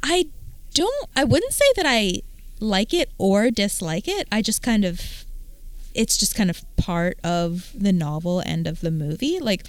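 A woman's voice: medium pitch, no room sound. A woman co-hosting a casual podcast chat, thoughtful and hedging with lots of likes. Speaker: podcast co-host.

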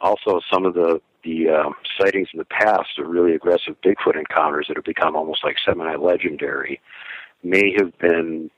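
Deep-voiced male guest on a dull, lo-fi line. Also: fairly even intonation, normal speed, no room sound. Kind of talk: casual interview chat.

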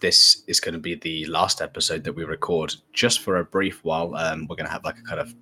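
A man co-hosting a casual podcast, rambling and halting with frequent restarts. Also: very deep voice, flat delivery, pushed and bright, slightly rough. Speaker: podcast co-host.

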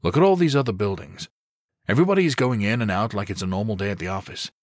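A man voicing a firm, calm SWAT leader. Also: lowish voice, fast, no echo, clean studio sound, close to an everyday voice. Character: steady male SWAT team leader, serious.

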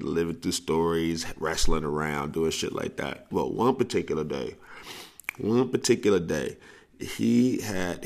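Deep, gravelly man telling a story. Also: a little mellow. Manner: rambling, repeats and restarts phrases, laughs often through the story. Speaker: podcast host, coach. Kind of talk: casual storytelling.

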